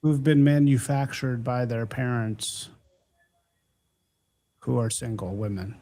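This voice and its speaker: A man's voice: medium pitch, takes it slowly, warm tone. A man on a podcast, talking in a sardonic, rambling way. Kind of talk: casual podcast chat.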